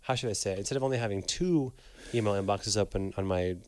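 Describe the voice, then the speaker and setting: A man's voice: fast, darkish tone, clear, resonant tone. A man co-hosting a podcast in casual chat, teasing his friends and acting out quotes. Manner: teasing, acts out quotes in a higher voice. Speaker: podcast co-host.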